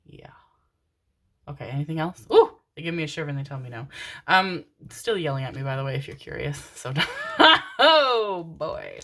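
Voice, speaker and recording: Low-voiced chatty woman reading tarot. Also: fairly quick. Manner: chatty, rambling, laughs often. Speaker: tarot card reader. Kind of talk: casual pick-a-card reading.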